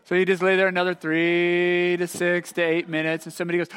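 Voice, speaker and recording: Man, middle-aged pastor, high bright voice, animated storytelling, long church reverb. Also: fast, clean tone. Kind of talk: sermon with personal story. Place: church sanctuary.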